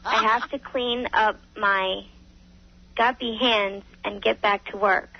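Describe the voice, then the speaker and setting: A woman reading typed messages aloud in a flat, deadpan way, with no feeling. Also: medium pitch, takes it slowly, gravelly. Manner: deadpan, reads without feeling. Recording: dull lo-fi radio broadcast.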